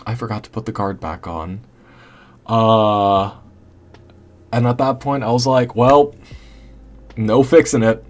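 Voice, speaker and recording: A man's voice: on the low side, unhurried, long pauses. A young man chatting casually and candidly with his stream chat late at night, rambling a little and laughing often.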